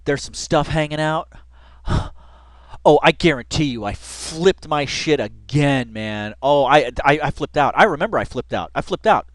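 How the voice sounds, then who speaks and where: A man's voice: mid-range voice, expressive, moderate pace, dry recording. Laid-back man doing reaction commentary. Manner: laid-back, laughs often, says dude and man a lot. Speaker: reaction video host.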